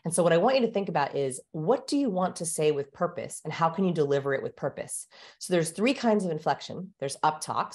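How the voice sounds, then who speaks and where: A woman's voice: low-pitched, lively intonation, fast, darkish tone. A woman guest explaining and demonstrating how to speak, in an instructive coaching manner. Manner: instructive, demonstrates vocal tones. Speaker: communication expert guest.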